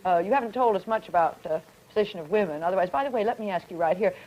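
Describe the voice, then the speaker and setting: Brisk woman moderating a vintage panel. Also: medium pitch, darkish tone. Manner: brisk, leading questions. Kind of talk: 1950s radio panel discussion. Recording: dull vintage broadcast audio.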